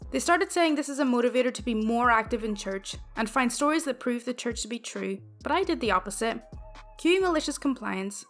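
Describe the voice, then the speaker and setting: A woman's voice: fairly high pitch, animated, a little fast, fairly bright tone, soft background music. A woman reading reddit stories aloud in a wry, conversational way. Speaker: reddit story narrator.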